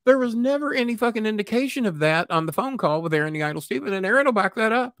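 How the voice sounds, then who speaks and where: A man's voice: high voice, expressive, fast talker, fairly bright tone, no room sound, studio quality. An older man with a cough, telling a story bluntly and with heavy swearing. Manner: blunt, swears freely, acts out voices. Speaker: podcast guest. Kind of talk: profane storytelling.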